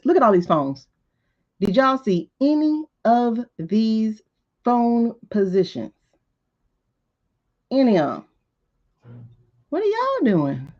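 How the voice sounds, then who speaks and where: Animated woman riffing on live stream. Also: on the high side, slow pace, long pauses. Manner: animated, exasperated, talks back to the footage. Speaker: host of a live tarot stream. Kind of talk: casual live reaction commentary. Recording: lo-fi stream audio.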